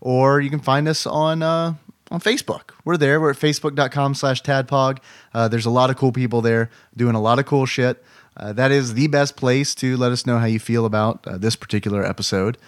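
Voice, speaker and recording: A man's voice: medium pitch, steady tone, brisk, clear, resonant tone, dry recording, clean studio sound. A man hosting a podcast, casually reading plugs with lots of fillers and the odd swear. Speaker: podcast host.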